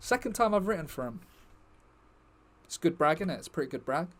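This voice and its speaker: A man's voice: on the high side, animated, a little fast. A young man chatting casually to his stream viewers, rambling and joking with the chat.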